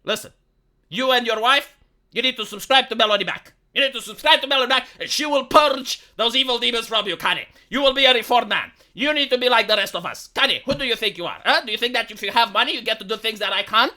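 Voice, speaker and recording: A preachy scold who lectures with indignant outrage, as a male streamer mimics one. The voice is bright and sharp, and the lecture is pushy and self-righteous. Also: medium pitch, quick pace, close to an everyday voice. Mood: indignant preaching.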